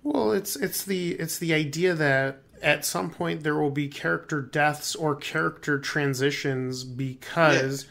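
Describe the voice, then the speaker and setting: Young man, podcast co-host, worn-out voice, slightly high pitch, easy laughter. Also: unhurried, vocal fry, few pauses, fairly bright tone. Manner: laughs often, reads aloud. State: losing his voice. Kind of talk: casual chat.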